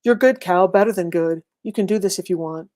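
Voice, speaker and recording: A woman voicing a quiet, plainspoken older male war veteran in a read-aloud story. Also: on the low side, a little fast, natural voice. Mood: encouraging. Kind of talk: audiobook character voice.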